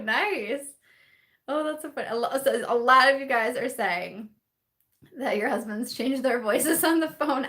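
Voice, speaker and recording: A woman's voice: high voice, moderate pace, pushed and bright. Giggly young woman chatting live. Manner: bubbly, giggly, lots of "like" and laughter. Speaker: beauty vlogger hosting a live chat. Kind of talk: casual live-stream chat reading comments.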